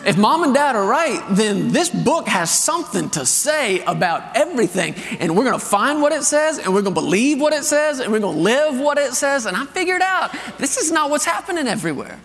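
A man preaching a sermon as pastor, telling family stories with animated energy and reading scripture slowly with emphasis. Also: very high voice. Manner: animated storytelling, reads scripture with slow emphasis. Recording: long reverb of a large hall.

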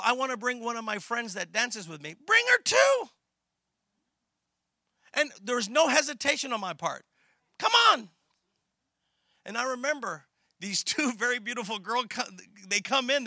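A middle-aged pastor preaching, his voice high and very bright. He tells a story with lots of animation, acts out the conversations and swings from quiet to loud. The sound is dry and close. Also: no room sound. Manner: animated storytelling, acts out dialogue, laughs, gets loud and emotional. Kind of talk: sermon.

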